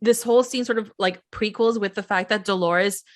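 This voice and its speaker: Woman, podcast host, casual chat, chatty, animated, mid-pitched voice. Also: fairly quick. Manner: chatty, animated, lots of "like" and quoted impressions.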